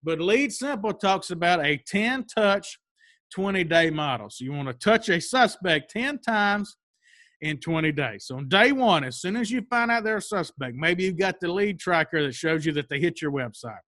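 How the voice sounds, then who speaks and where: Male instructor, high bright voice, dry close sound, plain-spoken and emphatic on each step. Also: animated, normal speed, no room sound. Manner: plain-spoken, stresses key steps. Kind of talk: instructional talk.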